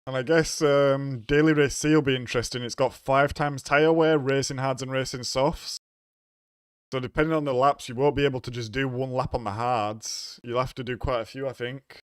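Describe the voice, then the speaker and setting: A worn-out man talks his way through a racing game stream in a casual, low-key way, his sentences trailing off into sighs and groans. His voice sits at an ordinary middle pitch, and the sound is close and dry with no room echo. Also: steady tone, normal speed, clear, resonant tone. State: very tired, yawning. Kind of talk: casual live-stream commentary.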